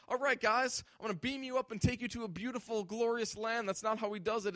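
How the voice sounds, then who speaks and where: A man's voice: high voice, dry recording. A male pastor preaching a sermon with emphasis, often acting out imagined voices.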